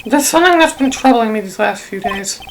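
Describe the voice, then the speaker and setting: A woman voicing a troubled young male prosecutor who speaks gravely and quietly, with game music behind. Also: fairly high pitch, expressive, brisk, background noise. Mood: haunted.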